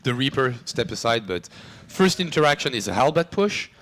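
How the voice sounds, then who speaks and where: A man casting a live esports match, animated and filler-heavy, giving hyped player intros. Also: medium pitch, normal speed. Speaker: esports caster. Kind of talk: live game commentary.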